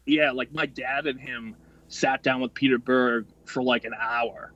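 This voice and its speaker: A man's voice: medium pitch, steady tone, a bit bright, lo-fi sound. A man in his late twenties telling a long, profane story as a podcast guest, rambling and restarting as he goes. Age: 20s. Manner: profane, rambling, quick-tempered delivery. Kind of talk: casual storytelling.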